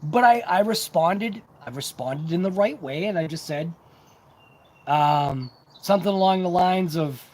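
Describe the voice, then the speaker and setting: A man's voice: high voice, unhurried, a little mellow. A man hosting a casual hobby livestream, chatting to viewers in a rambling, talkative, self-deprecating way. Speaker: RC hobby channel host.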